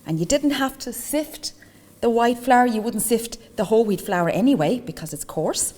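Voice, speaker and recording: Her voice is a little high and dark-toned, with lively intonation at a normal speed, trailing a long reverb. The Irish woman is teaching a baking lesson, sharing tips and small asides with chatty enthusiasm as she goes.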